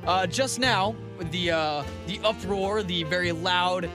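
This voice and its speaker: A man's voice: high voice, slow, music in the background. Man swearing and mimicking people. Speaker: podcast co-host. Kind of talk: casual comedic chat.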